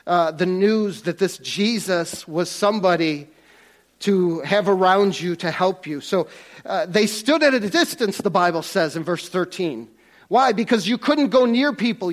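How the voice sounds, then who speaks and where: A man with a high-sitting voice preaches a relaxed, conversational sermon to a church congregation, frequently starting over and repeating words.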